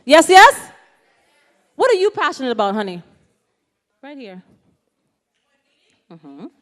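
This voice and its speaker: A high-pitched woman gives a motivational talk to a youth audience. She is animated and keeps calling out questions to the crowd to draw answers. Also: takes it slowly, slight background noise. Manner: animated, asks the audience questions, calls out "yes, yes?". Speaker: motivational speaker. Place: ceremony hall.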